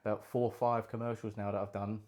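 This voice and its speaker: A young man from England hosting a casual chat, talking quickly in a loose, rambling way. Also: fairly low pitch, level tone, darkish tone. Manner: fast, chatty, rambling. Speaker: podcast host and actor.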